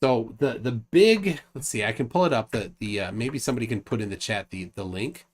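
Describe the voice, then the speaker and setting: A man's voice: mid-range voice, animated, fairly quick, slight background noise. Rambling male livestream host. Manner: rambling, restarts, reads out lists. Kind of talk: casual livestream chat.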